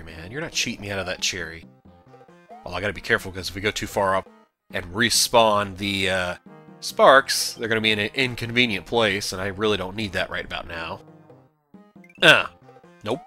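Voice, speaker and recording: Lively young man yelling at a game. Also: fairly low pitch. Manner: animated, rambling, yells at the game then apologizes. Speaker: let's play commentator. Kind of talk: casual gameplay commentary. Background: game music.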